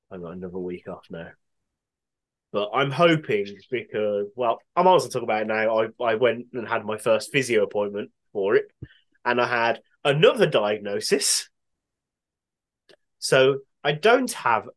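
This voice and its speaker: A man's voice: fairly low pitch, rough recording. Sweary man in casual chat. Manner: dry, sweary, self-mocking about his injury. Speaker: podcast co-host.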